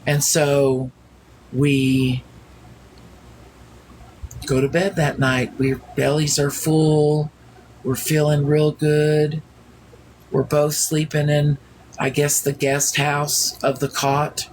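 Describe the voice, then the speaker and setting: A woman's voice: low voice, flat delivery, darkish tone, a little hiss or hum. A woman telling a story in a casual, wondering way, often restarting her sentences. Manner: slow, wondering, full of restarts.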